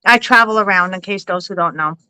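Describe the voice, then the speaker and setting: Bright, dry-voiced woman telling a story. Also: mid-range voice, fairly quick, smooth, dry recording, poor audio. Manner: animated, swears freely, restarts sentences. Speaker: livestream host and psychic reader. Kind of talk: casual storytelling chat.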